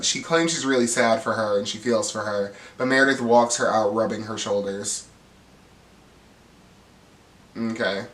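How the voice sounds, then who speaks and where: A man giving a gossipy, animated recap of a reality TV episode, acting out the cast's lines with bursts of laughter. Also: mid-range voice, roomy sound, recorded from a distance. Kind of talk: casual recap commentary.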